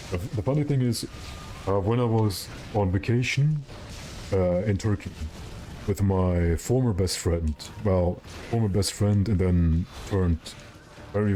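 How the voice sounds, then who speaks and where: A man's voice: sits low, dark tone, slight background noise. A young man streaming a game, chatting casually and rambling with his viewers while he plays. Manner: rambling, joking, answers chat.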